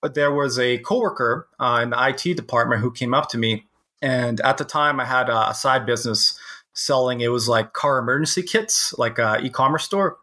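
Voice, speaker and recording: Canadian man, bright easygoing guest. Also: mid-range voice, normal speed. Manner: easygoing, some restarts. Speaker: guest, company founder. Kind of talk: casual podcast interview.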